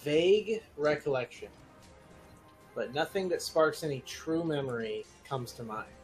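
A man running a tabletop role-playing session, narrating in a relaxed, plain manner. His voice sits a little higher than most men's. Faint music plays underneath. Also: unhurried. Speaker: game master.

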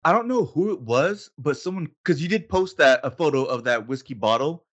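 A man's voice: a little high, expressive, a little fast, highs cut off. A man hosting a casual podcast, chatting in a playful, teasing way with his co-host. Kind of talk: casual chat.

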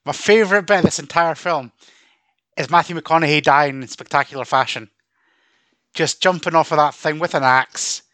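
A man's voice: fairly high pitch, moderate pace, a bit bright, no echo. A man with a Northern English accent co-hosting a film podcast, blunt, sweary and laughing. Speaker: podcast co-host. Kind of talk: casual film review chat.

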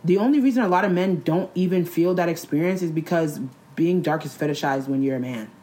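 A young woman in casual chat, blunt and animated, talking in slang with many "like"s. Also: lowish voice, a little fast.

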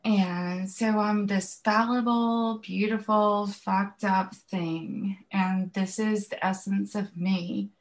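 Woman, late fifties, Southern US accent, slow unhurried delivery, candid, podcast guest. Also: medium pitch, little pitch movement. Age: 50s. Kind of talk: casual interview chat.

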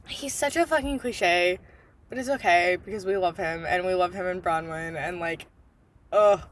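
A woman's voice: on the low side, moderate pace. A woman hosting a book podcast, chatting casually and rambling with lots of fillers. She gushes and gets exasperated, swearing freely. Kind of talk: casual book review chat.

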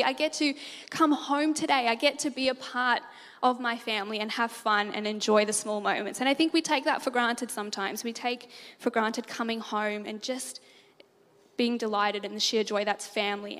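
A woman giving a church talk, animated and laughing easily as she tells stories. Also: a little high, in a large hall. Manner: animated storyteller, laughs often. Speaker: church speaker.

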